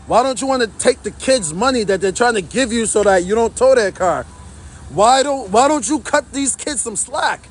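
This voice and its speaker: A man's voice: very high-pitched, animated, moderate pace. A man livestreaming outdoors from his phone, indignantly commenting to his chat in a repetitive way.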